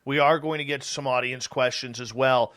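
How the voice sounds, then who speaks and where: A man's voice: medium pitch, steady tone, fairly quick, a bit bright. A man hosting a talk radio show, breezy and jokey, greeting chat viewers.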